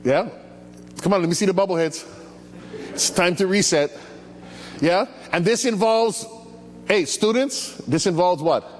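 Animated pastor preaching in a hall. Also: male voice, sits high, a little slow, long pauses. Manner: animated, calls out to the congregation. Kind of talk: sermon. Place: church hall. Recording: echoey hall with faint hum.

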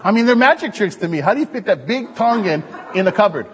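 A male preacher giving an animated, joking sermon to his congregation. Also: sits high, fast talker, big-room sound, crowd noise. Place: church hall.

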